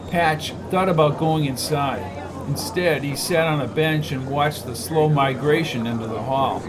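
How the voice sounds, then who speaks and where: Higher-pitched male narrator reading fiction. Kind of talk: scripted audiobook narration. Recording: noisy recording.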